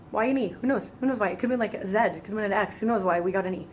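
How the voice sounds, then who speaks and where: A young woman talks through a French grammar lesson in a loose, chatty way, sighing at the rules and slipping into goofy mock voices. Her pitch sits in a middle range for a woman, and a faint hiss runs under the recording. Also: a little fast, long pauses, darkish tone. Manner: playful, exasperated, acts out voices with laughs. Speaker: French teacher. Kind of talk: casual classroom tutorial.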